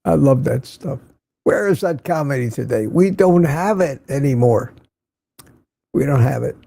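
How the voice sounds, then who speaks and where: An older man hosts a relaxed morning livestream, reading out viewer comments and greeting each person warmly by name. His voice is gravelly and mellow, set a little high for a man. It is recorded close and dry, with no room sound. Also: measured pace, no echo. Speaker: livestream host.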